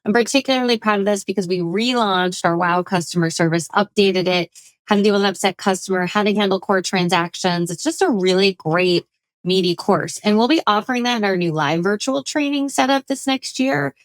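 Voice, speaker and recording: A woman hosting a podcast, introducing the episode and pitching courses in an upbeat sales manner. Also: fairly quick, no echo. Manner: upbeat sales pitch, urging listeners to act. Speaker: podcast host. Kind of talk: promotional intro and outro.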